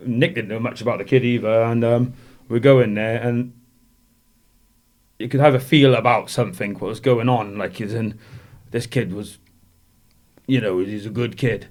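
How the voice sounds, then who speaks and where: A man's voice: mid-range voice, steady tone, moderate pace, long pauses, darkish tone. A man, a former boxer telling rambling stories as a podcast guest and laughing through them. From Wales. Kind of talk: casual storytelling in a podcast interview.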